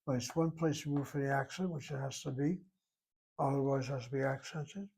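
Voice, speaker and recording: A man's voice: on the high side, darkish tone. A man teaching a recorded grammar lesson, reasoning aloud step by step in a methodical way. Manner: methodical, talks himself through each step. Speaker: Hebrew teacher.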